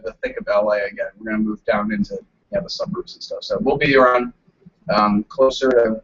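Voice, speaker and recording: Animated man joking on a live stream. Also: medium pitch, recorded from a distance, muffled recording. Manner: joking, laughs often. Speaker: co-host of a live chat. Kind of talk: casual live-stream chat. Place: home room with a fan running.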